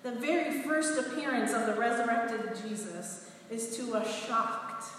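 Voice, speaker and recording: A woman pastor delivers a sermon, reading scripture and then telling a lively story. Her voice sits a little high, and she takes her time. The sound comes from some distance away in a church hall with a long, ringing echo. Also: unhurried, a little hiss or hum. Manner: storytelling, animated and expressive. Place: church sanctuary. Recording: echoey hall, heard from a distance.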